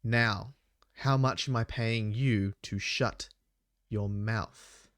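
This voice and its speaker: A man voicing a haughty, secretive rich merchant in a tabletop game, speaking slowly with a cold, threatening edge. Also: fairly low pitch, fairly even intonation, a bit bright, no echo, studio quality. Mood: menacing. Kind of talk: tabletop role-play.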